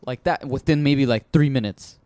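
A man's voice: mid-range voice, normal speed, mellow, no room sound. A young man co-hosting a podcast, telling a long story in casual chat, swearing often and restarting sentences. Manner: profane, rambling, lots of fillers and restarts. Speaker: podcast co-host.

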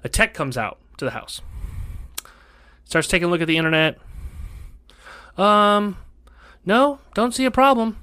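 A man tells a meandering story on a casual podcast, his voice sitting a little high. He talks in an animated way, restarting sentences as he goes. The sound is dry and close. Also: unhurried, pauses often, smooth, no echo. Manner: animated, rambling storyteller with self-corrections. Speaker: podcast host.

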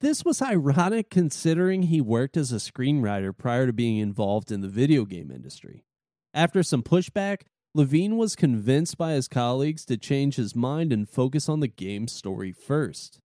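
A man's voice: mid-range voice, very animated, moderate pace, warm tone, dry recording, studio quality. A man co-hosting a chat, reading out game history facts and joining in the banter. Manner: reads facts, then laughs along. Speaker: podcast co-host.

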